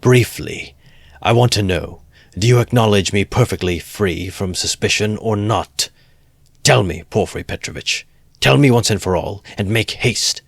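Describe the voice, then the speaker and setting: A man's voice: sits low, normal speed, a bit bright, no echo, studio quality. A man reading aloud as a proud young man under suspicion, speaking in angry, imperious outbursts. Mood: furious.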